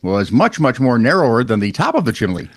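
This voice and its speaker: A man co-hosting a podcast, reading out odd news stories in a wry, animated storytelling way with casual asides. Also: mid-range voice, brisk, no echo. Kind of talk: casual comedic news chat.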